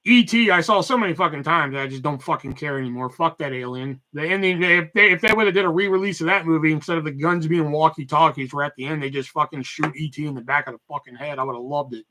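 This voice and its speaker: A man with a high, bright voice holds forth on his podcast. He rants loudly and casually, swearing at every turn. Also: fast talker, hardly any pauses. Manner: loud animated ranting, heavy swearing. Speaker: podcast host. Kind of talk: casual profane rant.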